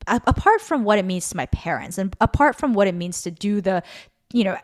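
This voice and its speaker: Speaking briskly and with animation at a medium pitch, this Korean podcast co-host shares a personal testimony in casual chat. She rambles, using lots of fillers and correcting herself as she goes.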